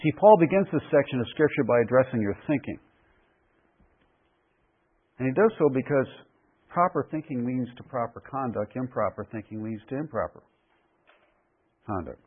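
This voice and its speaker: A man preaching a verse-by-verse sermon in an emphatic, deliberate way, repeating key phrases for weight. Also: mid-range voice, lively intonation, slightly rough. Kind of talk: expository sermon. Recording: phone-like radio broadcast.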